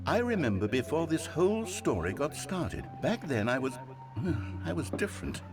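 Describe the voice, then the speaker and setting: An actor playing a wistful, theatrical game narrator, speaking in a lilting, dramatic way. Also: male voice, fairly high pitch, very animated, moderate pace, over music. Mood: reflective. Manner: lilting, dramatic, swooping delivery. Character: wistful, theatrical male narrator, grandly nostalgic.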